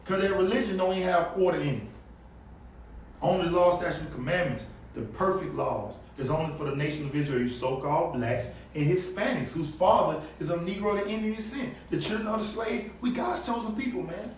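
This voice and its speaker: Fiery man street preaching, echoey and distant. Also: fairly quick. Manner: fiery, emphatic, preachy, swings between loud and low. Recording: echoey, distant outdoor recording with faint background noise.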